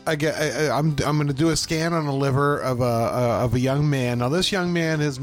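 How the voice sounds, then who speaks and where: A man's voice: fairly high pitch, brisk, faint music behind. A man co-hosting a podcast, telling a work story in casual chat and acting out the voices of the people in it. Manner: animated storyteller, acts out voices in quotes. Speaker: podcast co-host.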